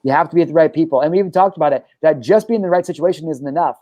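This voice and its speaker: A young adult man talks at a rapid clip in a warm, mellow voice, pressing his points hard and swearing freely as he tells his story. The sound is dry and close. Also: fairly high pitch, no room sound. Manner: emphatic and profane, telling personal stories. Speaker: show host and life coach. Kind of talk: casual podcast conversation.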